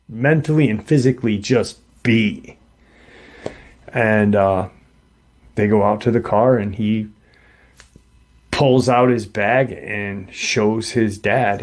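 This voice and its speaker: A man retelling a paranormal encounter story in a halting, conversational way, full of pauses and restarts. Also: lowish voice. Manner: halting, many fillers and restarts; conversational, quotes others in plain voice.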